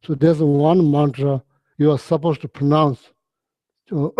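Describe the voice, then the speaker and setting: Man, Buddhist teacher; slightly high, warm voice; halting, chuckly storyteller. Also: fairly even intonation, no room sound. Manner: halting, repeats words, chuckles often, chatty. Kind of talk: relaxed dharma talk storytelling.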